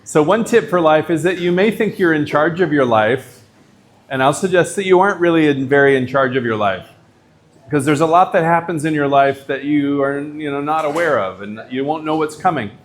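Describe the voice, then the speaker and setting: A man's voice: fairly high pitch, moderate pace. A middle-aged man, a professor, giving a lecture in a casual, chatty way, full of likes and you-knows.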